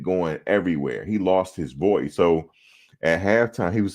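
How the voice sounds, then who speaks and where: A man hosting a sports talk show, telling a profane, animated story about his playing days. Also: deep voice, a little slow. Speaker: show host. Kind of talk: casual storytelling.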